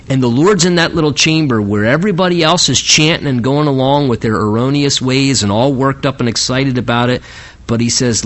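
A man's voice: medium pitch, brisk. A man preaching a conversational sermon, often stammering and restarting his phrases. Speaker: pastor. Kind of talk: sermon, Bible teaching.

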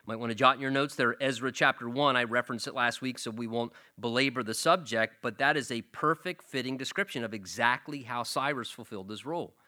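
A man's voice: medium pitch, a little fast, hardly any pauses, sharp tone. A man preaching an expository sermon, explaining scripture verse by verse and often repeating words as he goes. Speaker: pastor.

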